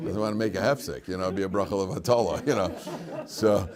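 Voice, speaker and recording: A man's voice: deep voice, fairly quick, a little mellow. An older man from the United States, a rabbi teaching a casual class to students, telling jokes, with many fillers and restarts as he goes. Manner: rambling, many fillers and restarts, joking storyteller. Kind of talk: informal Torah class with jokes.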